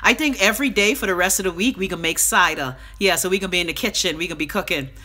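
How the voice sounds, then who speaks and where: A woman's voice: on the low side, quick pace, pushed and bright. A middle-aged Bahamian woman hosting a casual live stream. She rambles from topic to topic with salty, profane talk.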